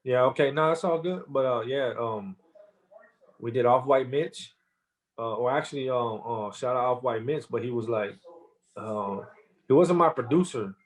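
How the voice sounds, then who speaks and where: A man's voice: mid-range voice, normal speed. A man guest on a podcast, telling a story loosely with lots of slang and fillers. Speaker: rapper guest. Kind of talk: casual interview storytelling.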